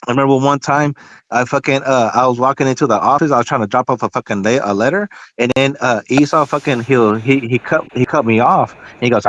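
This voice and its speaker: A man telling stories in casual chat, profane and animated, acting out the dialogue he quotes. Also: mid-range voice, fairly quick.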